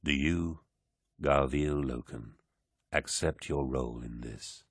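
A commanding, towering warlord with a calm, paternal hand, speaking softly and slowly, as a male audiobook narrator puts him on. The voice sits extremely deep and close, with a dry, dead sound around it. Every word is measured and low. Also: husky, dry recording, heavily acted. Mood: probing. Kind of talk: audiobook character voice.

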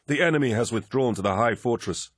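A male narrator raises his voice into a strained, frightened army officer in an audiobook, breathing raggedly behind a mask. He sounds anxious and sour, with the deep narrator's voice pushed higher. The recording is dry and close. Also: fast talker, slightly rough, no room sound, lightly acted. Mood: urgent warning. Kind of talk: audiobook character voice.

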